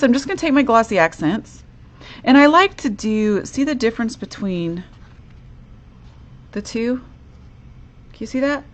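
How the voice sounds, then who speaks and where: A woman hosting a live crafting demonstration, chatty and upbeat, talking viewers through each step at her craft desk. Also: on the high side.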